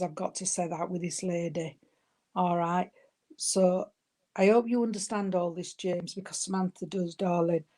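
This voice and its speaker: A woman medium passing on spirit messages at a service, calling people love and sweetheart. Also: fairly low pitch. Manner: warm terms of endearment, giving messages. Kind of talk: spiritualist demonstration.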